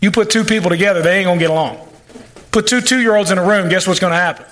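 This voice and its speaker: High, bright-voiced preacher. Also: male voice, quick pace. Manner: folksy preaching with asides and sarcasm; acts out quoted voices. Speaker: pastor. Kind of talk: sermon.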